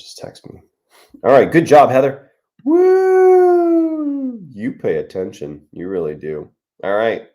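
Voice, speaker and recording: A man's voice: deep voice, warm tone. A man, an author, hosting a casual livestream chat, joking and laughing often.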